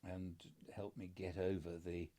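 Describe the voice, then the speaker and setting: Deep, mellow middle-aged man, dry wit. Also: level tone. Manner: dry understated humour, measured storytelling. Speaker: podcast co-host, father. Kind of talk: casual conversation.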